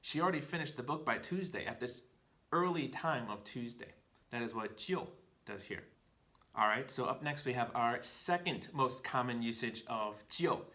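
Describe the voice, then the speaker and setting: Bright-voiced man teaching a language lesson. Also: medium pitch, animated, normal speed. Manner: clear, methodical, explaining step by step. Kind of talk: scripted explanatory lesson.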